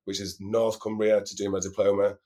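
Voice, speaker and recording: Northern english guy on a podcast, lowish voice, easygoing, giggles a lot, says um and like constantly. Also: brisk. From Lake District, England. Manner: relaxed, giggly, lots of fillers. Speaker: guest, drag performer. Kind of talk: casual chat.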